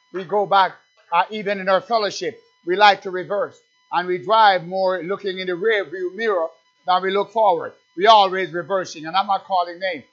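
Man, preacher, high-pitched, emphatic sermon, repeats questions, dull lo-fi recording. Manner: emphatic, repeats rhetorical questions, rises to near shouting.

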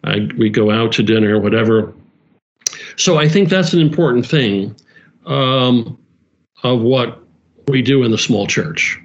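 A man at a mid pitch who leads a small church talks earnestly in a relaxed conversation. He often restarts and repeats his phrases. The recording sounds slightly dull and lo-fi. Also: a little slow, pauses often. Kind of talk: casual conversation.

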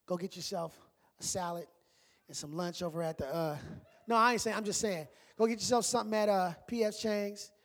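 A male pastor delivers a lively sermon in casual, playful speech. He swings between soft, hushed asides and loud, excited bursts. His voice rings with the long reverb of a large hall. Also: high voice, a little fast. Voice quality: animated, sweeping from loud shouts to hushed asides, playful colloquial preaching.

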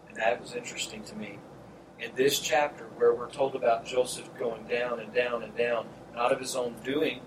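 A man preaching an expository Bible sermon, earnest and emphatic, repeating key phrases and speaking directly to his listeners. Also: mid-range voice. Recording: distant mic with steady air-conditioner hum.

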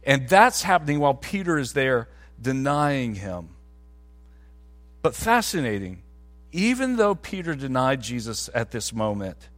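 A man's voice: medium pitch, a bit bright. A man, a pastor, preaching a sermon in a conversational way that climbs to emphatic peaks.

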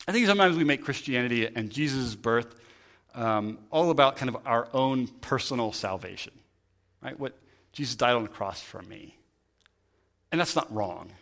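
A man's voice: medium pitch, vocal fry, fairly bright tone. A man preaching a sermon in a conversational way, thinking aloud and often restarting his sentences. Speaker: pastor.

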